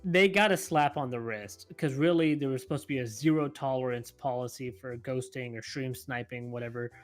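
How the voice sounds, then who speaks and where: A man's voice: mid-range voice, a little fast, soft background music. A man co-hosting an esports podcast, chiming in conversationally with his opinions on the news. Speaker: podcast co-host. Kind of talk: casual esports podcast chat.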